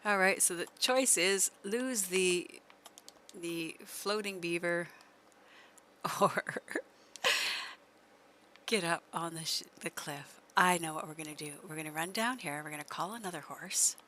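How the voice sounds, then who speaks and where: A woman's voice: lowish voice, unhurried, long pauses, sharp tone, slight background noise. A woman streamer giving chatty live gameplay commentary, laughing often and coaxing her horse along.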